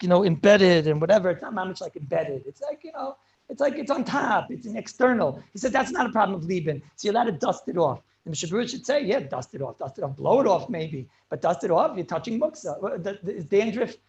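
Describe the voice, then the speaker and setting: A man teaching a Torah class, talking quickly with many restarts and mixing English with Hebrew and Yiddish terms. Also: high-pitched, rough recording. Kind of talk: Torah lecture to students.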